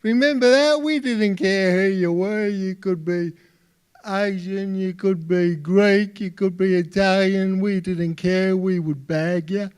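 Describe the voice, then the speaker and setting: Slow-talking Australian stand-up comic, high voice. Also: male voice, fairly even intonation, smooth. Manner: slow, halting delivery with repeated words. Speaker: stand-up comedian. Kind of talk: stand-up comedy. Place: live stage before an audience.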